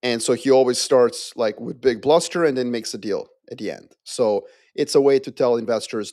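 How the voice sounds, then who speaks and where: A man, a podcast guest, explaining his view with animated storytelling and playful asides. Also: mid-range voice, moderate pace, few pauses, dry recording, studio quality. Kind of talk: casual geopolitical discussion.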